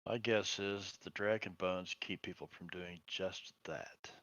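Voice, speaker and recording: A man's voice: low voice, fairly even intonation, measured pace, a bit bright, no room sound, lo-fi sound. A man playing a tabletop game, chatting in an easygoing, wry way. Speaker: player. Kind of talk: casual tabletop banter.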